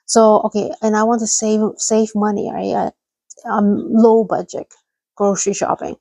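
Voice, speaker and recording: A woman's voice: medium pitch, flat delivery, moderate pace, gravelly, dark tone, no room sound, low-quality recording. A woman hosting a casual livestream chat, rambling and laughing often as she reads out viewers' messages. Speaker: livestream host.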